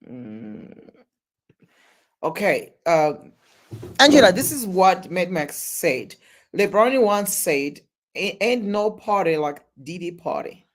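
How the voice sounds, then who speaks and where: Casual live stream reaction: the host talks slowly and haltingly, restarting sentences over and over, then breaks into loud exclamations while reading viewer chat aloud. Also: medium pitch, very animated.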